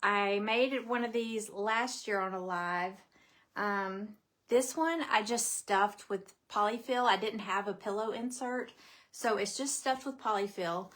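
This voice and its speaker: A woman's voice: mid-range voice, measured pace, fairly bright tone. A middle-aged woman chats through a craft live stream. Her talk is bubbly and rambling, full of little asides and friendly greetings to viewers by name. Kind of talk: casual live-stream chat.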